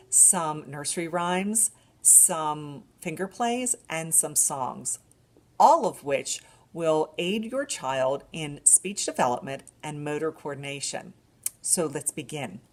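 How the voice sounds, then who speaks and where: Slow, singsong librarian woman. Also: fairly low pitch. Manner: singsong, swings from soft whispers to bright calls; patient, encouraging, guides parents step by step. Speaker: children's library outreach coordinator. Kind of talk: baby story time with nursery rhymes.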